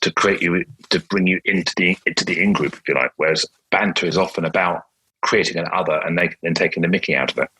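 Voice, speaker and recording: A man's voice: low-pitched, fairly even intonation, fast talker, pushed and bright, slightly rough, rough recording. A man hosting a podcast interview, asking reflective questions and summing up ideas. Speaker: podcast host.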